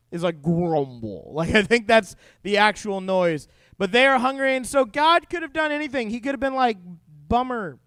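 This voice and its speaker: A man's voice: extremely high pitch, smooth, no echo. A young man giving a jokey youth sermon, telling funny stories to teenagers. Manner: jokey, animated storytelling to teens. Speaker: youth pastor.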